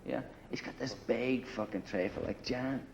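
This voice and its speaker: Medium in pitch and a little mellow, with vocal fry, the man speaks at a moderate pace over slight background noise. He's an interviewee in a grungy apartment telling a long war story casually, rambling and profane, with frequent "you know" and "right," all on dull lo-fi 1980 film audio.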